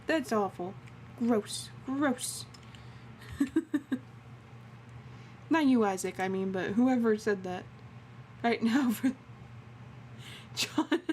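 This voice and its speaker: A woman's voice: fairly high pitch, darkish tone, slight background noise. A woman streaming a game, chatting casually and laughing often and awkwardly. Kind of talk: casual let's-play chat.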